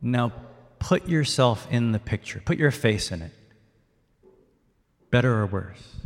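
A male pastor leads his congregation through a sermon, coaxing them to answer back. His voice sits at an average pitch and swings from hushed reflection to eager shouts. A long hall reverb trails each phrase. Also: unhurried. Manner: leads the congregation in call-and-response, rising to excited shouts. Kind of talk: interactive sermon. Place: church hall.

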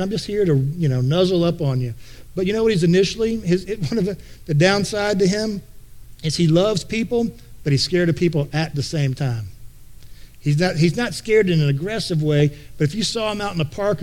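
High-voiced pastor in a folksy sermon. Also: male voice, darkish tone. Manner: folksy, repeats words as he thinks aloud. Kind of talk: conversational sermon.

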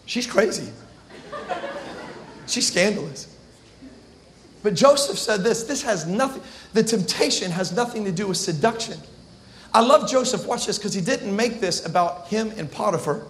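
Brief: energetic male pastor, high-pitched, comic storytelling sermon. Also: moderate pace, long pauses, slight background noise. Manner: animated, humorous storytelling with slang.

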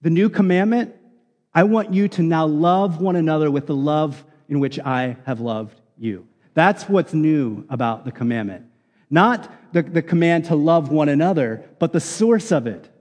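A man delivers a sermon in an earnest, emphatic teaching voice that sits a bit high for a man. He often restarts his phrases as he presses a point. The sound carries the long reverb of a large hall. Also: unhurried, a little mellow. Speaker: pastor.

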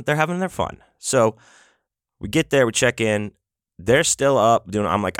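Man, very low voice, casual profane storyteller, dry close sound. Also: animated, a little fast, no echo. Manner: rambling, profane, lots of fillers and restarts. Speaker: podcast host.

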